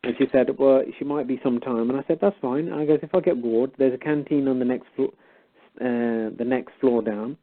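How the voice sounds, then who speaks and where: A man's voice: medium pitch, moderate pace. A man casually telling a story and quoting both sides of a conversation. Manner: animated retelling, quoting both sides of a dialogue. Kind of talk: casual storytelling on a call-in show. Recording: phone-line audio.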